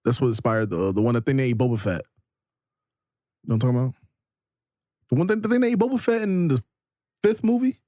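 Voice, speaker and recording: A man's voice: medium pitch, expressive, fast talker, pauses often, mellow, no room sound, studio quality. A man co-hosting a podcast in casual, playful, teasing chat. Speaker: podcast co-host.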